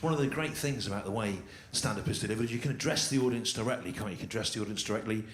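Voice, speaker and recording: A man's voice: on the low side, racing. A man doing live stand-up with crowd work on stage, talking in a dry, repetitive, mock-exasperated way. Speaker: stand-up comedian. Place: large live comedy venue, on stage. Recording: echoey live venue, loud noise. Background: audience laughter.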